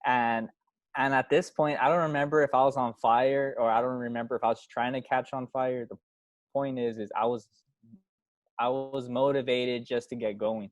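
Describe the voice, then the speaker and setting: A man telling a story in casual conversation, relaxed and laughing through it. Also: mid-range voice, normal speed, no room sound, dull audio. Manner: laid-back, laughs through his stories. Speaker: podcast guest.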